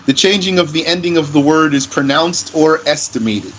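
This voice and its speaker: A man teaching Arabic grammar in English, explaining slowly and patiently and repeating his example phrases. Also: on the high side, lively intonation, a bit bright, slight background noise, poor audio. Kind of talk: slow classroom explanation.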